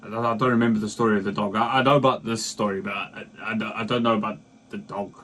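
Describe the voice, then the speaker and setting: A man's voice: fairly low pitch, steady tone, fast talker, pushed and bright. A South African man hosting a reaction video, chatting casually and laughing along with a comedy clip. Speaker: reaction channel host.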